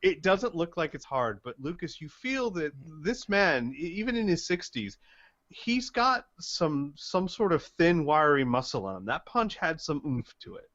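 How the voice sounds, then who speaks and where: A man's voice: on the high side, sing-song, a little slow, a bit bright. A man running a tabletop game as game master, narrating casually with many fillers, on dull audio.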